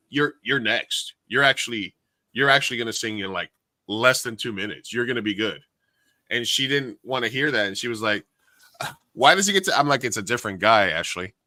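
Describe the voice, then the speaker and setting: A man co-hosting a casual podcast, telling an animated story and acting out the voices of the people in it. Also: medium pitch, a little fast, dry recording. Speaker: podcast co-host and karaoke host.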